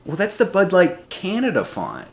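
A man's voice: sits high, wildly swooping pitch, normal speed. A man co-hosting a podcast in casual chat, rambling and poking fun at himself, laughing often. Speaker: podcast co-host.

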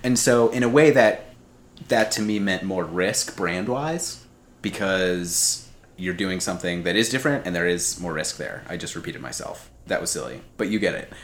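A man's voice: low-pitched, expressive, normal speed. A man co-hosting a podcast in casual chat, rambling and poking fun at himself, laughing often. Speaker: podcast co-host.

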